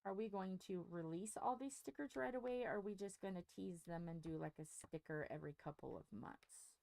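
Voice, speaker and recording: Gravelly-voiced woman with a wavering, strained voice. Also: fairly quick, a little mellow, no room sound. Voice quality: voice dips up and down in pitch, turns squeaky. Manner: frank, rambling, self-deprecating. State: strained, scratchy voice. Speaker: host of a crafting channel. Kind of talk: casual chat while crafting.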